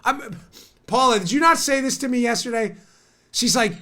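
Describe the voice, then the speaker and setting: A man's voice: very high-pitched, normal speed, sharp tone. A man hosting a political talk show, ranting sarcastically and a little stuffed up from a cold. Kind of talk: opinionated talk show monologue.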